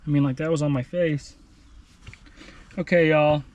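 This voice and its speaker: A man's voice: fairly high pitch, steady tone, measured pace, a little mellow, highs cut off. Rambling sweaty man with a drawl. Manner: rambling, jokey, self-deprecating. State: sweaty, out of breath after running. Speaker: vlogger. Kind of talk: casual running vlog.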